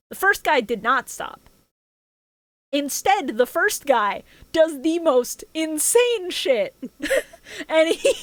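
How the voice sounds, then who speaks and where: A woman with a high, bright voice recaps an anime episode on a casual podcast. She talks excitedly, laughs often and swears freely, slipping into quick impressions of the characters. The sound is dry and close. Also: no room sound. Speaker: podcast co-host.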